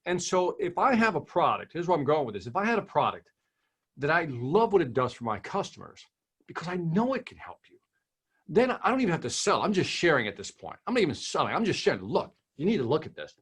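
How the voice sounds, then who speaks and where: Emphatic husky-voiced man. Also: on the high side, big pitch swings, fast talker, fairly bright tone. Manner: emphatic, rhetorical questions, repeats phrases. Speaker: sales trainer guest. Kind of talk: interview conversation.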